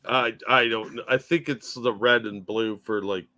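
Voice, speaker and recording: A man's voice: on the low side, fairly even intonation, moderate pace, pushed and bright. A man co-hosting a live political reaction stream, bantering in a dry, easygoing way. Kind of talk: casual live reaction chat.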